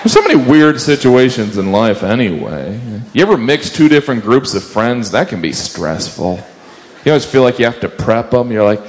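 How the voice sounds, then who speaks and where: A man's voice: mid-range voice, sing-song, normal speed. A man doing observational stand-up, playful and wry, often slipping into goofy voices. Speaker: stand-up comedian. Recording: live show with crowd and noise.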